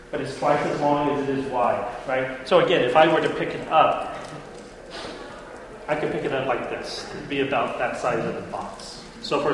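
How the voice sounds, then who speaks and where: A man giving an informal classroom lecture, chatty and constantly checking in with his listeners. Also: medium pitch. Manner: chatty, checks in often with "right?". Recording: echoey hall, faint room noise.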